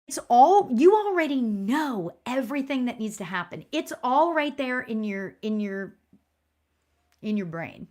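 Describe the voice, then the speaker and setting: A woman's voice: on the high side, animated, measured pace. A woman working as a spiritual medium, giving a live online reading in a chatty, encouraging way with lots of "you know" fillers. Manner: warm and encouraging toward viewers.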